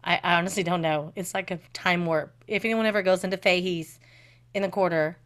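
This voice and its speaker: A woman co-hosting a podcast in casual chat, animated, swearing freely and laughing often. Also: lowish voice, a little fast. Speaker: podcast co-host.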